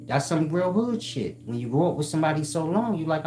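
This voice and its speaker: A man telling comic stories to his chat in a slangy, animated way, laughing often and slipping into quoted voices. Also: fairly high pitch, fairly quick. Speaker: streamer talking to his chat. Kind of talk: casual comic storytelling. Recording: roomy sound with music behind.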